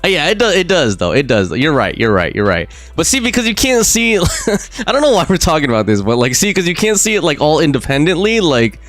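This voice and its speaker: Streaming a game live, this man rambles casually, packing in fillers and frequent laughs as he comments on the gameplay. His voice is a little high and a bit bright, fairly quick, with big swings in pitch.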